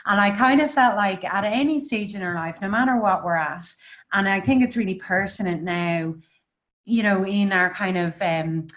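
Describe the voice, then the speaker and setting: A woman's voice: medium pitch, moderate pace, fairly bright tone. A woman hosting an interview, speaking in a thoughtful, reflective way. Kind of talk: casual interview chat.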